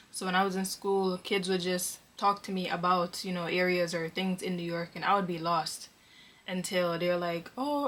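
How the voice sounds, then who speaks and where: Low-voiced young woman chatting casually. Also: a little hiss or hum. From Connecticut. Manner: relaxed, chatty, with frequent fillers. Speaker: vlogger. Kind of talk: casual Q&A chat.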